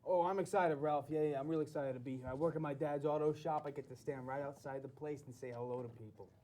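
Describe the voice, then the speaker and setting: A man's voice: fairly high pitch, fairly even intonation, quick pace, dark tone, lightly acted. A man playing a nervous, simple-minded forty-one-year-old mechanic with a New Jersey accent who rambles and repeats himself. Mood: rambling. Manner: rambling, fidgety, repetitive. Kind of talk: comedy sketch acting.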